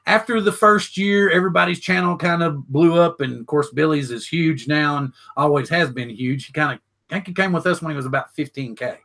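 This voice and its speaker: A man's voice: on the high side, a little fast, gravelly, a bit bright. An older man hosting a casual live show, talking in a rambling way with many fillers and restarts. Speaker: show host.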